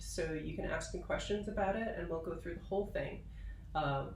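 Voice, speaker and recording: A woman viola professor giving a patient, explanatory instrumental tutorial, pausing now and then with fillers. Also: on the low side, roomy sound, far from the mic, a little hiss or hum, rough recording. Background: viola playing.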